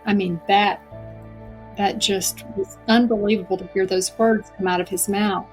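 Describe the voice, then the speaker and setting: A middle-aged woman giving an earnest, reflective personal testimony as a podcast guest, slowing down for emphasis. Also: mid-range voice, steady tone, soft background music.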